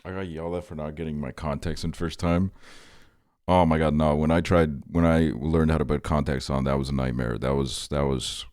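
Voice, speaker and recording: A young man with a very low voice talks casually to his stream chat, rambling through stories with plenty of swearing and "like" fillers. He answers viewer messages as he goes. The sound is dry and close, with no room echo. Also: little pitch movement, normal speed, a little mellow. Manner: rambling, profane, heavy on "like" fillers.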